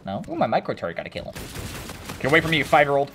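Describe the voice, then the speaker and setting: A man giving joking, excitable commentary over a shooter game, breaking into sudden shouts. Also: on the high side, racing, a little hiss or hum. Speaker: gaming video creator. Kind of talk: gameplay commentary.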